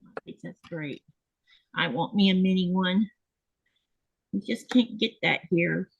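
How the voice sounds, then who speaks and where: A woman's voice: on the low side, unhurried, vocal fry, slightly rough, dry recording, highs cut off. A woman hosting a casual chat from her home sewing desk, talking in a rambling way with restarts and laughs. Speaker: host.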